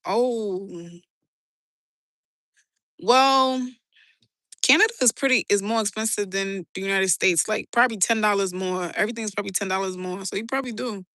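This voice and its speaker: A woman's voice: medium pitch, moderate pace, sharp tone, no echo. A young woman with a New York accent, chatting casually on a livestream, slangy and laughing often as she answers her chat. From New York City. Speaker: live streamer reading chat.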